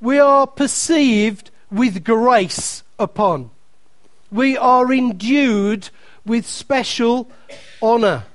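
A man's voice: very high voice, very slow, no room sound. A man preaching a sermon, emphatic and repeating key phrases, reading scripture aloud with playful asides to the congregation.

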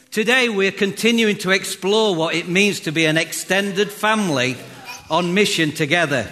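A man's voice: high voice, bright, forceful tone. A man preaching a sermon as pastor, chatty and joking with the congregation. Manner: chatty, jokey, talks straight to the congregation. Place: church hall. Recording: reverberant hall.

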